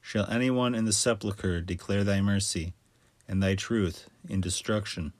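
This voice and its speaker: A man reading scripture aloud with a measured, steady cadence. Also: lowish voice, no echo. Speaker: scripture reader.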